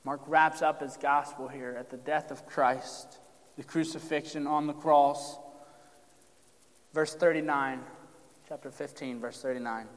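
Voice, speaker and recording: A man's voice: on the high side, fairly even intonation, a little slow. Preaching man in a reverberant hall. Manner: preaching with rising emphasis, direct address to congregation. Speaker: pastor. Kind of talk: sermon.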